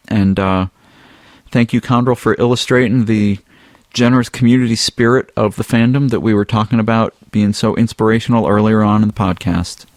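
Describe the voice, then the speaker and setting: Guy hosting a podcast, lowish voice, easygoing and rambly, dry close sound. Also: dry recording. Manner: relaxed, chatty, frequent ums and uhs. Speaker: podcast co-host. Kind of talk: casual podcast chat.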